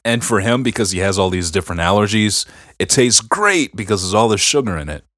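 Man, middle-aged, deep low voice, earnest rambling storyteller, casual chat, dry close sound. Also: animated, fairly quick, fairly bright tone, no echo. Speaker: podcast co-host.

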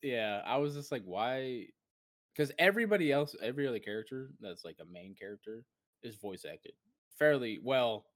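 A man's voice: medium pitch, lively intonation, brisk, dry recording. A man co-hosting a casual gaming podcast, rambling and acting out his own past reactions as he tells a story. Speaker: podcast co-host.

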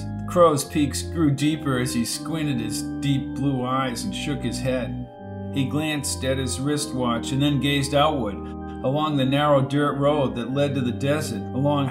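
Male audiobook narrator over music. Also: mid-range voice. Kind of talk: scripted narration.

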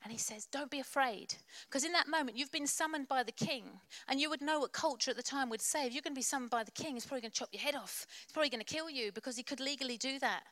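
A woman's voice: high voice, racing, hardly any pauses, a bit bright, no room sound. A woman preacher delivering a sermon in church, passionate and exhorting, with playful asides.

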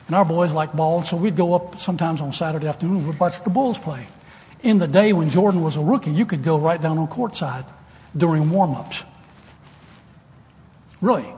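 An older man preaching a sermon to students, folksy and storytelling, rising now and then to loud emphasis. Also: on the high side. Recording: long hall reverb, faint room noise.

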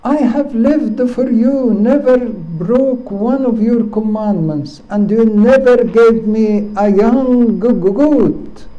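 A man's voice: sits high, takes it slowly, hardly any pauses, dull audio, pitched above the performer's own voice. A man preaching, voicing a bitter, resentful elder son who protests indignantly.

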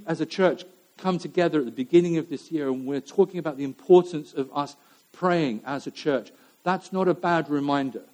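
A man's voice: a little high, warm tone. A man preaching a sermon to his church, talking in a conversational way with fillers and repeated phrases.

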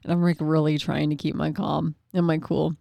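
A middle-aged woman shares a personal story about her son in a candid, heartfelt way, full of casual fillers. Her voice sits low and carries a gravelly fry. The recording is dry and close, with no room sound. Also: level tone, normal speed, mellow, no echo. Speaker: mother sharing a parenting story.

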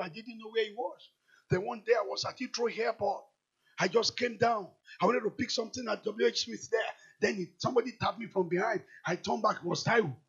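Raspy high-voiced Nigerian preacher. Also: male voice, muffled recording. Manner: swings from quiet storytelling to shouted declarations. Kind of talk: sermon. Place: large church hall.

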